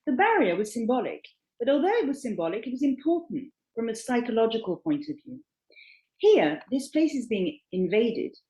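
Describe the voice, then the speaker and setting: A woman with a fairly high voice that swings widely in pitch, reading a prepared account aloud in an echoey room. She presses hard on key words as she goes. She speaks as a panel moderator. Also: big pitch swings, normal speed, dark tone.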